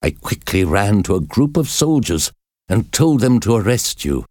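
A man reading a story voices a tormented, obsessive middle-aged priest, confessing slowly in agony. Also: lowish voice, very animated, a little mellow, no room sound, clean studio sound. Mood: brooding. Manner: slow agonized confession.

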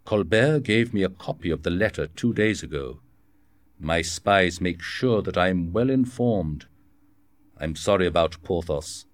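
Guy voicing a stern king giving orders, low voice, formal and firm, dry sound. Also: animated, a little slow, no echo. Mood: somber. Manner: firm, formal, authoritative delivery. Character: stern commanding young French king.

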